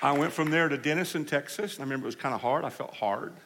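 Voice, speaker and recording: A man preaching a sermon, telling healing stories in an animated way and acting out the people he quotes. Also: a little high, fast talker, a loud crowd, very noisy. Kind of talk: storytelling sermon. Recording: hall reverb.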